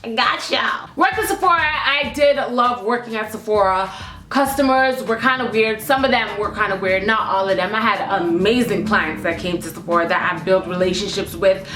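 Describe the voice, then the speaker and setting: A young woman telling a casual storytime vlog in a sassy, blunt and animated way, recorded on a camera mic in an indoor room. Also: mid-range voice, normal speed. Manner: sassy, animated and blunt, swinging into a loud put-on diva voice. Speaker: vlogger. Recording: echoey room with faint music.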